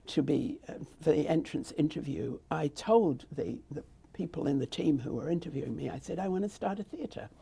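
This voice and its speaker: An older British woman, a theatre founder, tells her story in an interview, rambling conversationally with frequent restarts and asides. Her voice sits low, creaky, mellow and husky.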